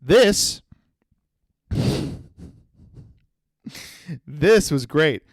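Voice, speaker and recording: A man's voice: on the high side, lively intonation, extremely slow, no room sound. Profane young man telling stories. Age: 20s. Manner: profane, rambling storytelling. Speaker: podcast host. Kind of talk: solo comedy podcast monologue.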